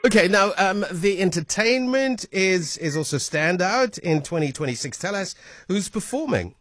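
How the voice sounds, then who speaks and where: A man hosting a radio interview, upbeat and energetic. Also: high-pitched, normal speed, dry recording, studio quality. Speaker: radio host.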